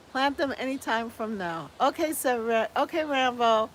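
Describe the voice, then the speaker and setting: A woman's voice: high-pitched, animated, normal speed, few pauses, a bit bright, a little hiss or hum. A woman from the US hosting a casual gardening live stream, reading viewer comments aloud and chatting back with easy laughs. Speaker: host reading live chat.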